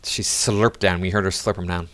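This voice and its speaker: A man's voice: low voice, steady tone, normal speed, a bit bright, no room sound. A man giving sarcastic, mocking commentary on video clips. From United States. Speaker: reaction commentator. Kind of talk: critical commentary over clips.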